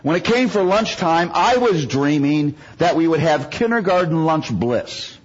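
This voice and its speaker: A man's voice: fairly high pitch, lively intonation, unhurried, husky, highs cut off. A man from the United States preaching a sermon, telling humorous stories and making self-mocking jokes.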